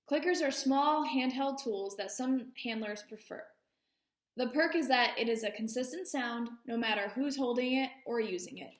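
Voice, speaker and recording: A woman's voice: on the high side, reverberant. A woman service dog training instructor explaining training methods with friendly, self-deprecating asides. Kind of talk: instructional talk.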